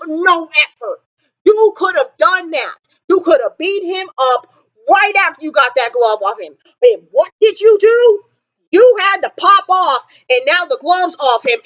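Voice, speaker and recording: A young woman vlogger ranting casually about a movie, animated and exasperated, with dramatic pauses. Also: high voice. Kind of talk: casual movie reaction rant. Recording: slightly dull lo-fi sound.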